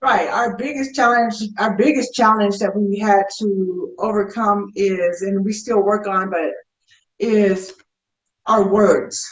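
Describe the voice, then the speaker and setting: A woman's voice: mid-range voice, steady tone, takes it slowly. A woman from the United States, a guest in a casual interview chat, who talks thoughtfully and often repeats herself while she finds her words. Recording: roomy echo, distant from the mic.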